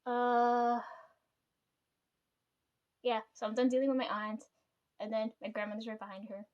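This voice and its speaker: A woman's voice: on the high side, fairly even intonation, unhurried, darkish tone, clear, resonant tone, dull audio. A woman telling a rambling family story to her camera, swearing often and laughing between thoughts. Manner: rambling, frequent swearing, chatty asides. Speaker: vlogger.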